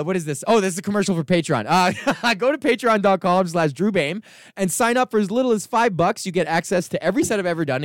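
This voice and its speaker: A comedian rants his way through a story about his week, swearing freely and doubling back as he goes. His voice sits a little high and sounds smooth and resonant. The close mic gives a dry, dead sound. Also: no room sound. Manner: profane, rambling, animated storytelling. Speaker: comedian podcast host. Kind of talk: casual ranting monologue.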